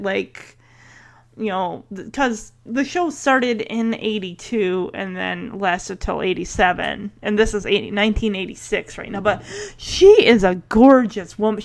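A woman's voice: medium pitch, creaky. A woman casually recapping a TV episode, chatty and enthusiastic, often saying "like" and briefly acting out the characters' lines. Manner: chatty, enthusiastic, heavy use of "like"; acts out characters' lines in quick asides.

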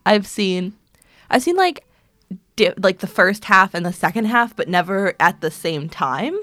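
A young woman with a slight lisp chatting casually as a podcast co-host, jokey and animated, often restarting sentences. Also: medium pitch, unhurried, no room sound, studio quality.

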